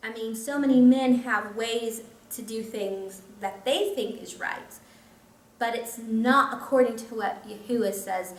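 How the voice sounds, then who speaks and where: A woman's voice: a little high, a little slow. A woman pastor teaching scripture in a conversational way, with chatty asides. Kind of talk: Bible teaching. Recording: echoey room, mic at a distance, faint noise.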